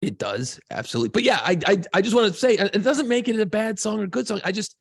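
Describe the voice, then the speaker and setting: Gravelly, husky man in his fifties. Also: sits high, quick pace, no room sound, studio quality. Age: 50s. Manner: animated, swears freely, jokes around. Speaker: podcast co-host. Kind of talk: casual chat.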